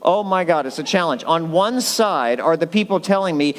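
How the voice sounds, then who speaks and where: Male pastor, sermon delivery, slightly high voice, emphatic and jokey, long hall reverb. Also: expressive, fairly quick, hardly any pauses. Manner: emphatic, conversational and joking.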